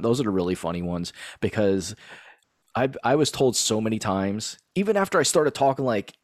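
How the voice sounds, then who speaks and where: A man's voice: on the low side, no echo, clean studio sound. A man chatting casually on a podcast, telling stories with lots of swearing and laughter. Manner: animated storytelling, laughs often, swears. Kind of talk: casual chat.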